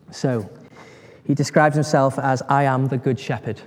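A man preaching a sermon, telling a Bible story in a lively way, acting out voices and putting questions to his listeners. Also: mid-range voice, normal speed, in a large hall, a little hiss or hum. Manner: animated storytelling, acts out voices, asks the congregation questions.

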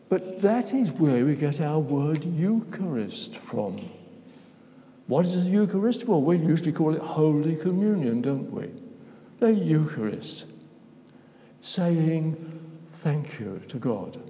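A fairly high, warm voice belongs to an older man giving an informal sermon. He chats, cuts himself off, and puts questions to the congregation, all heard through the long reverb of a church hall.

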